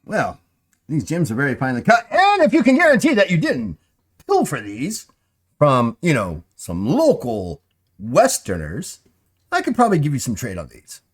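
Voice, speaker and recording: A man's voice: a little high, huge pitch swings, moderate pace, breathy edge, voice pushed up, exaggerated voice. A man voicing a short, sly, suspicious male shopkeeper who pries at customers and boasts about his prices. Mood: wheedling. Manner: wheedling, prying and boastful. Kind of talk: voicing a character in a tabletop game.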